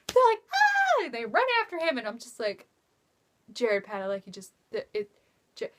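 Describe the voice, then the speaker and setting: A young woman telling a rambling story in a casual vlog, swearing freely and acting out quotes with sudden jumps in pitch. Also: fairly bright tone. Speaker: vlogger.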